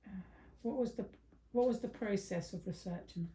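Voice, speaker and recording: A woman's voice: medium pitch, normal speed, mellow. A woman interviewing an actor in a casual chat, asking her questions hesitantly.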